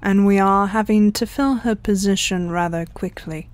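Woman playing a creepy alien boss guy in a storybook, sinister and mocking, smooth talker. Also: mid-range voice, normal speed, close to an everyday voice. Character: sly alien man disguised as a boss.

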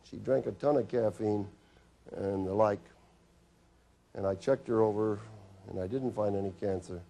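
A middle-aged physician telling stories from his office to an audience, with dry humor and quick asides where he plays his patients. His voice is dark and mellow, with a husky, slightly breathy edge. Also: lowish voice. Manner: anecdotal, acts out patients' and his own lines with humor. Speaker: physician giving a health talk. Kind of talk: storytelling health lecture.

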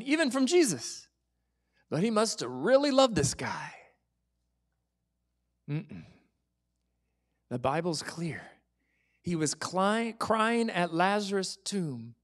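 Male pastor, sermon, chatty and playful, sinks to hushed whispers on key points. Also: high voice. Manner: drops to a soft whisper for emphasis; lively, conversational, sometimes joking.

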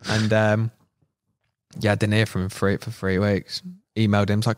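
This young podcast guest tells casual stories in slang, animated and acting out what people said. His voice sits lowish, at a moderate pace.

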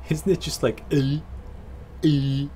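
Gaming host, male, slow, joking and crude, talks to the game, faint hiss behind. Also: mid-range voice, animated. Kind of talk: casual let's-play commentary.

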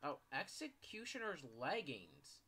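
Young man, gameplay commentary, panicky, swears often, lively jumpy pitch, faint noise behind. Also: unhurried. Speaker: gaming YouTuber.

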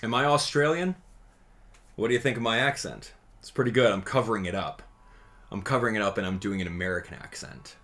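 A man giving casual gameplay commentary as a channel host, chatty and excitable, thinking out loud as he plays. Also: lowish voice, fast talker.

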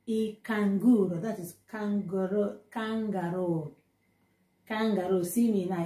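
A woman with a Nigerian Pidgin accent teaching vocabulary in a relaxed, informal way, saying each word slowly and adding chatty Pidgin asides between them. Her voice is low and mellow. The recording carries a noticeable room echo. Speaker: language teacher.

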